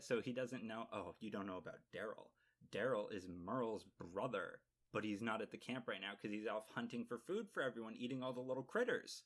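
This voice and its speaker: A man's voice: medium pitch, a bit bright. A man giving a casual, campy and sarcastic recap of a TV episode, swearing freely. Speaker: TV show reviewer.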